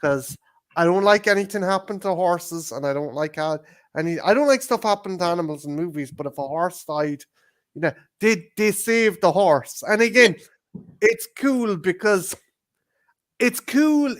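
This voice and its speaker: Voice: mid-range voice, animated, normal speed. A co-host chatting casually about a movie, rambling with lots of restarts and heavy swearing. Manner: rambling and profane, with many restarts; acts out scenes in quoted voices.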